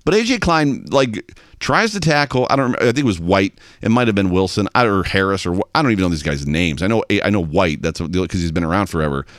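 A man's voice: low voice, quick pace, no echo, clean studio sound. A man hosting a sports talk show, delivering an exasperated fan's monologue. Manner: animated, exasperated fan ranting. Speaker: podcast host.

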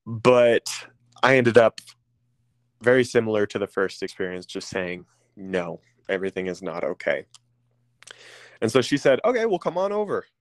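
A man candidly telling a personal story as an interview guest, pausing often with ums and restarting phrases. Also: lowish voice, dry recording. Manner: halting, with frequent ums and restarts.

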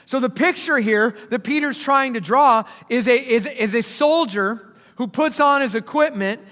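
A man preaching a sermon as pastor, conversational and joking, sometimes dropping low and quiet, sometimes rising loud. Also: normal speed. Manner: conversational, joking preacher with dramatic swings in loudness. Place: church auditorium. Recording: church hall with long reverb.

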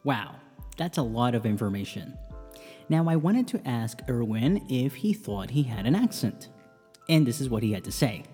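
A man's voice: medium pitch, very animated, normal speed, dark tone. Podcast host guy, really sing-songy intonation, reverby sound w faint music behind. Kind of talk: podcast narration and chat.

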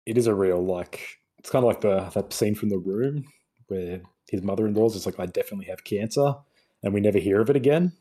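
A man's voice: lowish voice, brisk, warm tone, breathy edge. A young man ranting sarcastically in a casual film review chat. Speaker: podcast co-host.

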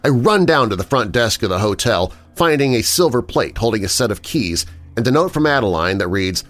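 A man narrating a first-person horror story in an expressive storytelling manner. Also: mid-range voice, brisk, few pauses.

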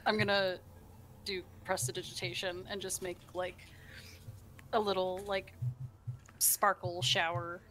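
Slow, soft-spoken woman player. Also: lowish voice, flat delivery, slight background noise. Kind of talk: tabletop game play.

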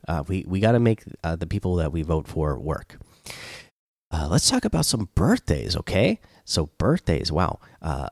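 A man's voice: low voice, no room sound, studio quality. A middle-aged man hosting a podcast alone, chatting casually through the news with lots of fillers and restarts. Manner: rambling, many "uh" fillers and self-corrections. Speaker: podcast host. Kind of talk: casual solo news chat.

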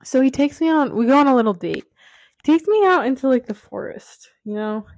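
A young woman in her twenties telling a dating story in casual chat, animated and often laughing as she talks. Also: high voice, a little fast. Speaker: podcast guest.

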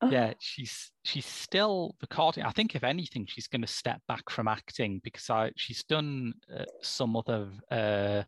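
A man's voice: mid-range voice, animated, unhurried, few pauses, a bit bright, no echo. A man co-hosting a podcast, chatting casually about films, rambling and correcting himself with dry humor. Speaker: podcast co-host. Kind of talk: casual film chat.

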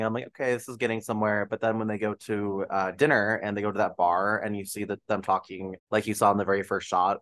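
Laughing, low-voiced male podcast host. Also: no room sound. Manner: animated, laughs often, rambling with fillers. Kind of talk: casual film review chat.

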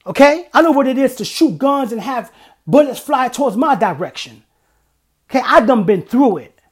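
A man's voice: very high-pitched, lively intonation, moderate pace, slightly rough. A middle-aged man hosting a podcast, giving a blunt, emphatic motivational monologue and swearing freely. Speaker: podcast host.

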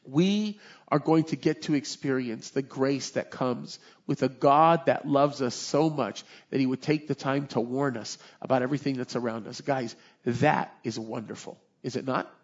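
A man's voice: mid-range voice, moderate pace, muffled recording. A man preaching a sermon as pastor, impassioned and conversational, often asking his listeners to agree.

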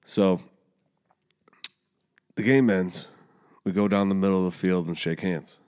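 A man's voice: sits low, fairly even intonation, measured pace, darkish tone, clear, resonant tone. A young man casually telling a heated, profane story about coaching youth soccer.

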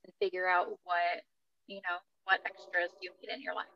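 A woman's voice: fairly low pitch, little pitch movement, normal speed, a little hiss or hum. Candid mom telling her story, slightly dull sound. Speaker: guest. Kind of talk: casual podcast conversation.

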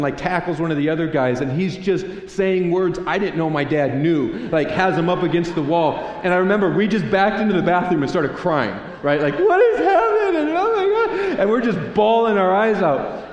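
Storytelling pastor in an echoing church hall. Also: male voice, on the high side, lo-fi sound. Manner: storytelling, animated, acts out voices in quotes. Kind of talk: sermon. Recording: echoey hall reverb.

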